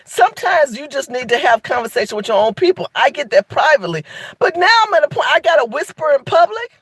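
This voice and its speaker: A woman's voice: sits high, sing-song, fast, no room sound. Sassy, emphatic woman talking to viewers. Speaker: live video host. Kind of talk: animated live-stream commentary.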